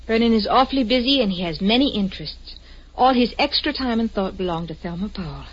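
An actress playing a gentle, earnest young woman in a vintage radio drama. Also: medium pitch, animated, fast, natural voice. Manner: gentle, hesitant, sincere. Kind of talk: 1940s radio acting. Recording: dull lo-fi old radio recording.

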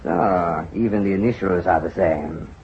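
An actor playing a flamboyant, smooth-talking financier in a vintage radio drama, expansive and persuasive. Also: male voice, deep voice, a little slow, a little hiss or hum. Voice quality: expansive, persuasive, lively intonation. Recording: dull old radio drama recording.

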